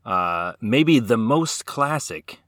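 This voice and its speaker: A man's voice: mid-range voice, lively intonation, slow pace, crowd noise. A man hosting a horror movie podcast, chatting casually with many fillers and restarts. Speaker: podcast host. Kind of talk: casual chat.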